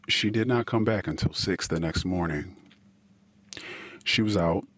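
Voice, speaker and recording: Low, husky-voiced man telling his story. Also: no echo. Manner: halting, emotional, drifting into quiet asides. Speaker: podcast host. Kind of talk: personal storytelling.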